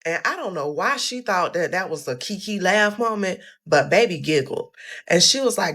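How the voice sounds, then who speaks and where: Young woman, low voice, animated storytime straight to camera. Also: moderate pace. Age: young adult. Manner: animated, addresses viewers as y'all, quotes people in a higher voice. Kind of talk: casual storytime.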